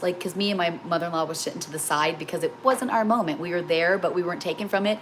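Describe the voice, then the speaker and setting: A woman's voice: lowish voice, quick pace, a bit bright. Host, woman, middle-aged, rambling and emotional, casual livestream chat in a home kitchen with faint background noise. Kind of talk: casual chat while baking live.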